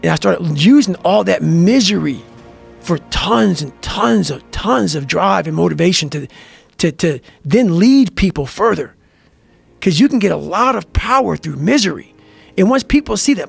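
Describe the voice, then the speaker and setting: A man's voice: sits high, expressive, normal speed, gravelly, breathy edge. A man telling intense motivational stories in an emphatic, profane, fiery manner. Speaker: guest. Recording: music bed under the voice.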